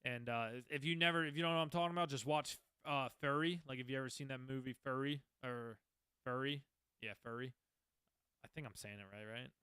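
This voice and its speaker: Man in his twenties, podcast host, rambling profane storyteller, forceful bright tone, dry close sound. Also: medium pitch, fast talker, clear, resonant tone, dry recording. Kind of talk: casual storytelling.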